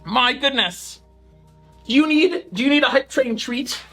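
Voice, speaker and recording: Lively high-voiced woman streaming live. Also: unhurried, faint music behind. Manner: animated, gushing thanks and coaxing a dog. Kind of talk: casual live-stream chat.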